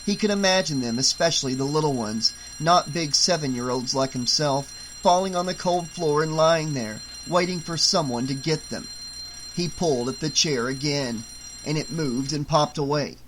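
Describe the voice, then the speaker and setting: Steady male audiobook narrator, slightly high. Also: normal speed, background noise.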